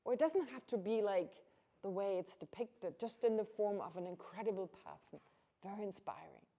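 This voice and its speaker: A woman's voice: medium pitch, lively intonation, moderate pace, dark tone. A woman giving an informal Buddhist teaching to a class, chatty and conversational, laughing often and restarting her sentences.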